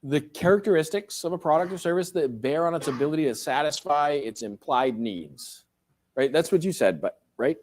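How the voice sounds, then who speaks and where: A man's voice: fairly high pitch, lively intonation, normal speed. A middle-aged man, a professor, giving a casual classroom lecture, asking the class questions and joking along the way.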